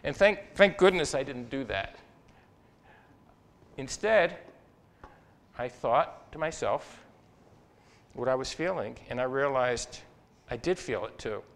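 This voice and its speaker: A man's voice: slow pace, gravelly, long pauses. Earnest older man telling a story. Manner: expressive, rises and falls in pitch and loudness while recounting; earnest, reflective, with small restarts. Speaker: psychology professor giving a talk. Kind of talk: personal storytelling in a talk.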